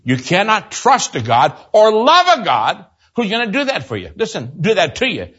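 Older male preacher, husky, dramatic loud-to-hushed delivery, muffled lo-fi recording. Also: huge pitch swings, normal speed. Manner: dramatic swings from loud exclaiming to low hushed storytelling. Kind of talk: sermon with personal story.

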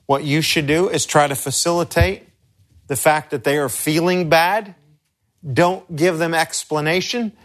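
A middle-aged man, a pastor, teaching crisis care in an earnest, halting, conversational way with personal stories. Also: a little high, fairly bright tone. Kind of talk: instructional talk with personal stories.

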